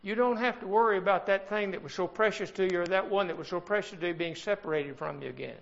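An older man preaches a sermon in a high, gravelly voice, captured on a muffled recording. He preaches emphatically, swelling in volume and slowing down to draw out key words.

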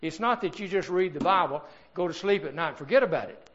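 A man's voice: high voice, expressive, fairly bright tone, highs cut off. An older man preaching a sermon, swelling in volume and drawing out key words. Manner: emphatic preaching with swells in volume and slowed stresses.

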